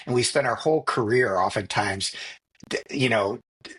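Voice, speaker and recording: A middle-aged man co-hosting a podcast, telling stories in a relaxed, reflective way with frequent restarts. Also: lowish voice, normal speed, slightly rough. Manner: reflective storytelling with many restarts and fillers. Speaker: podcast co-host. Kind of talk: casual conversation.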